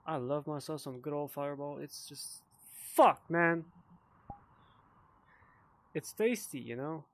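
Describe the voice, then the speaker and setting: A slightly drunk man talks his way through a VR game in loose, casual commentary. His voice sits a little higher than most men's, and he keeps cursing, muttering under his breath and then flaring up in frustration. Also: lively intonation, slow. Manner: swears a lot, frustrated outbursts and mumbled asides. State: tipsy from drinking. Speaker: VR gamer.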